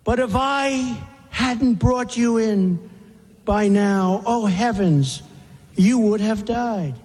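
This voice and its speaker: A man reciting the lines of a tender-hearted, kind woman in a slow sing-song, in a reverberant hall. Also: a little high, darkish tone, husky.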